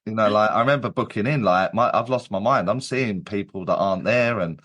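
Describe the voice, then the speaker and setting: Low-voiced man telling stories. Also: brisk, a bit bright, highs cut off. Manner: rambling, many restarts and fillers. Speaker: psychic medium, guest. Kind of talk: casual storytelling.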